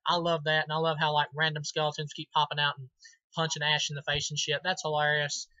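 A man's voice: on the high side, completely flat delivery, fast talker, pushed and bright, no room sound, highs cut off. A man giving a casual movie review, enthusiastic and rambling, with many ums and restarts. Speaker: film reviewer.

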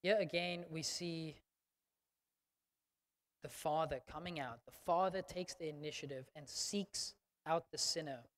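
A man's voice: fairly high pitch, measured pace. A male pastor preaching a sermon in an emphatic, conversational way, often checking in with the congregation. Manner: emphatic, conversational, frequent "okay?". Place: church sanctuary. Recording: long church reverb.

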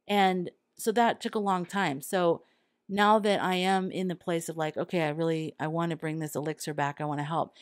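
A woman's voice: fairly low pitch, fairly even intonation, normal speed, no room sound, clean studio sound. A woman hosting her own podcast, talking earnestly and candidly, sometimes acting out quoted thoughts. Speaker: podcast host. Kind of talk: solo podcast monologue.

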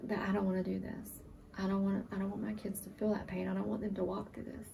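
A woman in her forties, a surviving military spouse, giving an emotional, earnest testimonial, sometimes halting. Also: medium pitch, little pitch movement, creaky, mellow, recorded from a distance, slight background noise. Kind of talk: testimonial interview.

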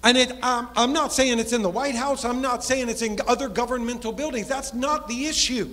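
Preacher man, really high voice, drops soft then rushes, big church echo. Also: fairly even intonation. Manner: preaching cadence, drops low and soft for emphasis, then speeds up. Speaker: pastor. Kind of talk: sermon. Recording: long hall reverb in a church.

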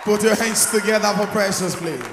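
A man hosting a talent show, shouting crowd-hyping announcements. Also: high voice, brisk. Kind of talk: emceeing. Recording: echoey hall, cheering crowd, noisy.

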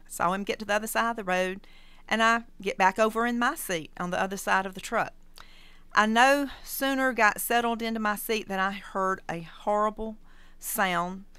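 A middle-aged woman recounts a personal testimony in a calm, earnest way. Her voice is bright and smooth. The recording is close and dry. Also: medium pitch, dry recording. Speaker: radio guest sharing testimony.

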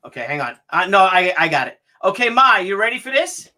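A man hosts with an excited, teasing energy. He keeps stalling before each reveal. His voice has a sharp, bright edge. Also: high voice, fairly quick. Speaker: host. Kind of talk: casual family chat.

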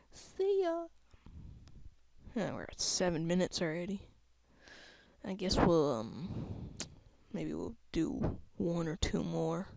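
A woman's voice: mid-range voice, creaky, no room sound. Goofy woman narrating a game. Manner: goofy, playful, self-mocking, with whispered asides. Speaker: gameplay commentator. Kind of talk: casual let's-play commentary. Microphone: desktop microphone at a computer.

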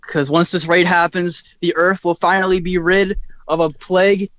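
A male caller joins a live show with a noticeably high voice. He lays on grand, mocking insults with a straight, deadpan delivery. The sound is dry and close. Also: normal speed, no echo. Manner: deadpan mock-grandiose trash talk. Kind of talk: casual call-in chat.

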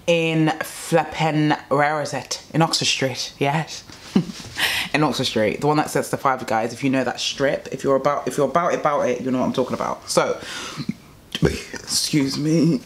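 A young woman telling a rambling, exasperated story about a bad restaurant meal in a casual vlog. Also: sits low. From England. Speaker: vlogger.

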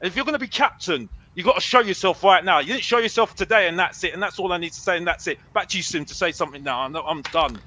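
Over a rough recording, this man speaks high-pitched and fast, barely pausing, his tone bright and forceful. He's a football fan on a fan show, arguing hotly, bragging, repeating himself, and dubbing himself Mister Box Office.

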